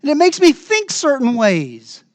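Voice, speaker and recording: A man preaching a sermon as pastor in a church, earnest and emphatic, moving between raised passages and hushed asides. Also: extremely high pitch, huge pitch swings, measured pace, dry recording.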